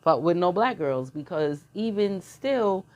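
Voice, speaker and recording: A middle-aged woman holds forth in a loose, casual monologue with a lowish voice. She talks bluntly in slang and laughs often as she tells her stories. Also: expressive, measured pace, darkish tone, dull audio. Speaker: channel host.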